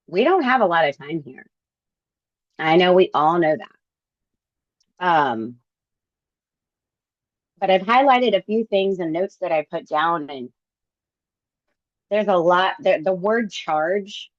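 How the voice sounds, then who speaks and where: Middle-aged woman, book club member, slow and reflective with lots of "um"s, lowish voice, slightly muffled dry sound. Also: no echo. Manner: halting, reflective, many fillers. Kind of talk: casual group discussion.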